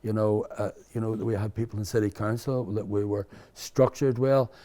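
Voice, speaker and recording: A man's voice: fairly low pitch, steady tone, moderate pace, mellow. An older man from Belfast with a Belfast accent, telling his story as an interview guest in a rambling, candid way. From Belfast, Northern Ireland. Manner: rambling, frequent restarts and "you know".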